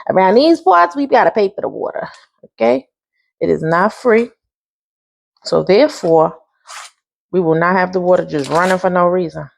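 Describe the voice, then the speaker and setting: A woman's voice: on the low side, normal speed, gravelly, pauses often. A woman who drives a school bus, chatting casually while she cooks in her home kitchen, a laughing storyteller. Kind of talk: casual cooking vlog.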